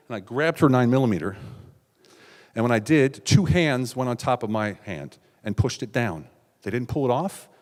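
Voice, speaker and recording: Man telling a raw story on stage. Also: mid-range voice. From United States. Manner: raw, confessional storytelling with sudden loud outbursts and hushed asides. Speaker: keynote speaker. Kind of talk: personal story told on stage. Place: large hall on stage. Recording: stage talk with long hall reverb.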